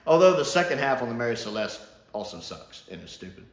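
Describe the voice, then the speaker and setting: A man's voice: medium pitch, big pitch swings, quick pace. A man giving a casual, profane review rant as a YouTube reviewer, swinging between scorn and delight. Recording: roomy room echo.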